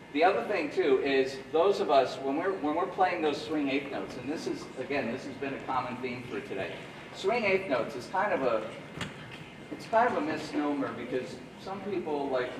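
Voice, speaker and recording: A man's voice: medium pitch, normal speed, recorded from a distance. A man coaching a school jazz band, scatting rhythms to show phrasing and counting the players in. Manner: scats rhythms to demonstrate phrasing. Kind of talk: rehearsal coaching. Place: school rehearsal room or auditorium. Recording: echoey room, heard from afar, noisy.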